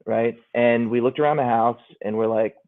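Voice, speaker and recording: A man's voice: medium pitch, fairly even intonation, moderate pace. A middle-aged man, a guest calling in from a hotel room, speaking earnestly and reflectively in a casual chat. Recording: tinny phone-like call audio.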